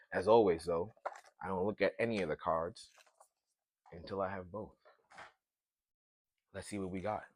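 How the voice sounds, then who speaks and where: A man's voice: deep voice, a little slow, long pauses, breathy edge. A man in his thirties from Brooklyn with a Brooklyn accent, hosting a solo podcast in a loose, slangy, profane riffing chat. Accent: Brooklyn New York. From Brooklyn, New York. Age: 30s. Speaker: podcast host.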